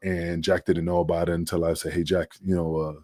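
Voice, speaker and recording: A man's voice: low voice, level tone, brisk, no echo. Profane storytelling man, dry sound. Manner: profane, rambling, acts out quoted voices loudly. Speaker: guest, former pro wrestler. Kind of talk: casual storytelling on a podcast.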